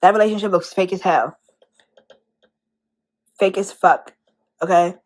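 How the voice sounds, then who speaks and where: A woman's voice: fairly low pitch, measured pace. A young woman in an angry, profane rant, firing rhetorical questions at the person she is calling out. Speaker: commentary vlogger.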